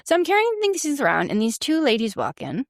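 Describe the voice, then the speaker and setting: Animated woman telling a story. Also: high-pitched, quick pace. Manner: animated storyteller, acts out quotes. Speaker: podcast co-host. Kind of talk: casual chat.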